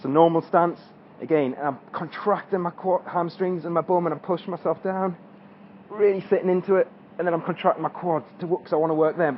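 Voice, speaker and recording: A man's voice: a little high, fairly even intonation, a little fast, highs cut off, slight background noise. Man coaching squats mid-workout. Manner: coaching while demonstrating squats, strained during reps. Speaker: fitness coach. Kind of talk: exercise tutorial.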